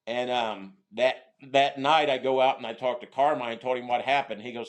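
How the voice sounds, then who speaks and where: A middle-aged man, a guest on an interview show, telling a long prison story in a halting, rambling way with many restarts. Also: medium pitch, steady tone.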